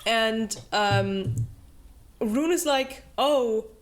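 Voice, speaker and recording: A woman's voice: a little high, very slow. A young woman hosting a book club, recapping a novel in casual chat, full of fillers and acted-out quotes. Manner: chatty, filler-heavy, acts out character quotes with laughs.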